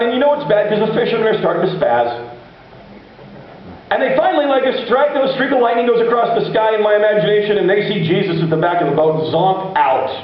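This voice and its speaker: A male pastor giving a sermon, telling Bible stories in a lively, casual way and acting out the voices. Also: very high voice, a little hiss or hum. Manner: animated storytelling preacher, acts out voices. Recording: echoey dull room recording.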